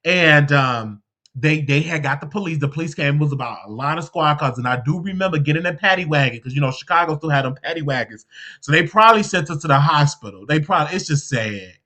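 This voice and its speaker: A male host giving commentary on a clip, expressive, telling a personal story with loud exclamations. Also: on the high side, quick pace.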